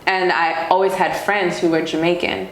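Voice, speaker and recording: A woman's voice: fairly low pitch, flat delivery, moderate pace, fairly bright tone. A young woman from Queens telling her story as a podcast guest, chatty, with many fillers. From Queens, New York. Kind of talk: casual podcast conversation. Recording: roomy sound with faint noise.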